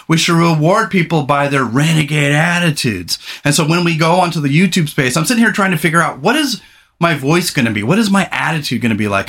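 Bright, rambling middle-aged male podcast host. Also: on the high side. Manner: rambling, candid and profane. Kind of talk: casual podcast chat.

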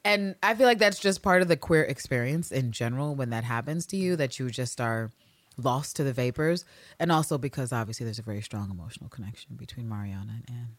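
Woman podcast co-host, animated, jumps into high mocking voices, dry close sound. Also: fast talker, no room sound. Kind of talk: casual history podcast chat.

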